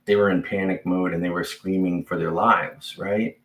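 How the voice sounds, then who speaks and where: A man's voice: deep voice, steady tone, normal speed, fairly bright tone. A man pastor preaching a sermon in a conversational way, full of fillers and restarts. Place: church sanctuary. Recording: echoey church sanctuary.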